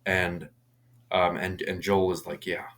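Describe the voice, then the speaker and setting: رجل بصوت عميق جدًا يسرد فيلم رعب. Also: male voice, deep voice, level tone, moderate pace, a bit bright. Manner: rambling with many restarts and casual swearing. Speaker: movie reviewer. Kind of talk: casual movie recap.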